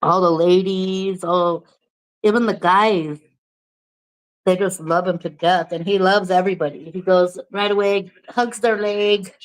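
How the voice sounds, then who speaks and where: A woman's voice: lowish voice, fairly even intonation, measured pace, rough recording. A woman vlogger from New Mexico chatting casually to the camera, candid, swearing freely and laughing often.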